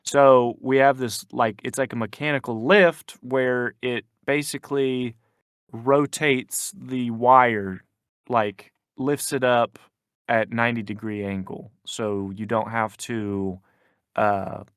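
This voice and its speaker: A young podcast co-host rambles through a work story in casual chat, restarting often, using plenty of fillers and quoting people in put-on voices. His mid-range voice is steady, slow, a bit bright and resonant. The recording is clear, dry and studio quality.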